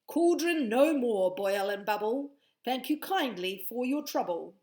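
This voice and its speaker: A woman's voice: a little high, animated, measured pace, darkish tone, voice pushed up. A woman voicing a grown-up mother witch in a storybook, chanting a rhyming spell. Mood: firm.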